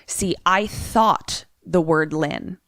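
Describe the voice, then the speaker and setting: A woman voicing a calm, gentle middle-aged male priest in her own soft, composed voice while retelling a movie. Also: lowish voice, very slow, gravelly, heavily acted.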